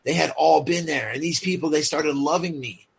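A husky, breathy man with a fairly high voice tells his story candidly, blunt and profane, leaning on "like" and "you know". The recording sounds dull and lo-fi. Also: normal speed. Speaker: podcast guest.

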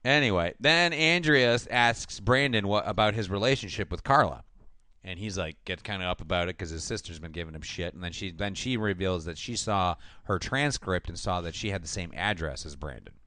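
A man casually recapping a TV episode, animated and acting out the characters' lines. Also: deep voice, a little fast, no echo. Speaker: podcast host recapping a TV episode. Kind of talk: casual chat.

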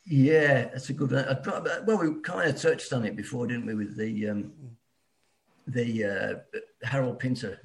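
A male actor guest in casual chat, relaxed and chatty, joining remotely. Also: medium pitch, unhurried, creaky, a little hiss or hum. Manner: relaxed, chatty, laughs often.

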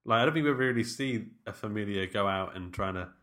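Podcast co-host, man, lower pitch, bright tone, loose rambling chat. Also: fast. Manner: rambling, self-correcting, laughs easily. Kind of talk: casual chat.

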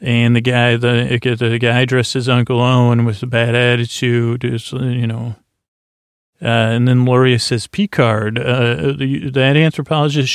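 Flat, gravelly man rambling a recap. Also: mid-range voice, no echo, clean studio sound. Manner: meandering, drowsy, loses the thread, paraphrases dialogue loosely. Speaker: podcast host. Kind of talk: rambling sleep-story recap.

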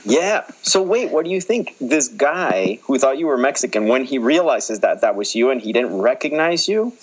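A man co-hosting a podcast in casual chat, teasing and lively. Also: medium pitch, moderate pace, slightly rough, rough recording. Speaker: podcast co-host.

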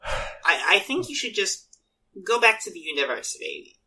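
A woman's voice: mid-range voice, big pitch swings, moderate pace, pushed and bright. A woman playing her character in a tabletop game, friendly and hesitant in speech. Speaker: player. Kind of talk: tabletop role-play.

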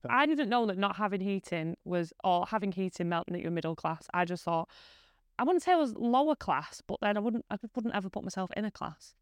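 A woman in her thirties with a northern English accent, hosting a casual podcast chat at home, talking quickly and swearing freely. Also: medium pitch, expressive, clear, resonant tone, dry recording, clean studio sound. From northern England. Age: 30s. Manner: fast, chatty, swears freely, laughs often. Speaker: podcast host. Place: living room at home.

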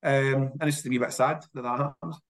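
A man with a Scottish accent telling stories in a casual interview, animated and often repeating words as he restarts. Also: medium pitch, fairly quick. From Scotland. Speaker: whisky industry guest.

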